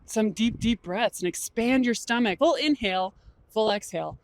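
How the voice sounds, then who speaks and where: A woman giving casual workplace advice to camera, chatty and animated, full of "like" fillers. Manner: chatty, animated, acts out quotes with big pitch jumps; frequent "like" fillers. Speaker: HR and workplace engagement host.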